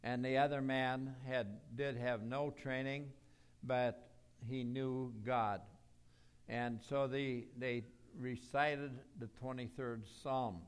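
A man preaching a sermon, telling a story in an earnest, measured way. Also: mid-range voice, flat delivery, clean tone. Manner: slow, earnest storytelling with pauses.

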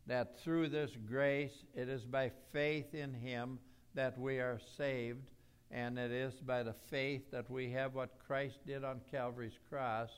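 A man preaching a sermon, telling a story in an earnest, measured way. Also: medium pitch, clean tone. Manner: slow, earnest storytelling with pauses.

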